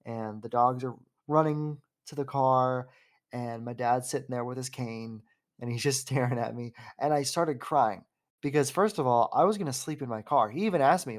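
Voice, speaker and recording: A man in his twenties, hosting a casual podcast conversation. He rambles openly and warmly through a personal story, circling back and restarting his sentences as he goes. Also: medium pitch, normal speed. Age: 20s. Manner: rambling and heartfelt, with frequent fillers and restarts. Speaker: podcast host.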